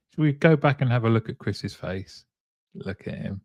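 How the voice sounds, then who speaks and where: A man's voice: mid-range voice, expressive, moderate pace, gravelly, darkish tone, dry recording. A man hosting a casual live-streamed talk show, chatting, reading out viewer comments and often chuckling. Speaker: show host.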